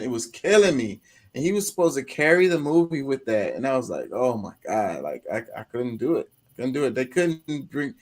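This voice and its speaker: Man, casual podcast co-host, rambling, repeats phrases, mid pitch. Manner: rambling, repeats himself, loses words. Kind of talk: casual chat.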